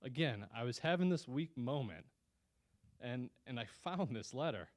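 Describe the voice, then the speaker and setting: A man's voice: mid-range voice, animated, normal speed. Man, guest speaker, personal testimony, earnest, conversational, mid-range voice, restarts often. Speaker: guest speaker at a Christian business lunch.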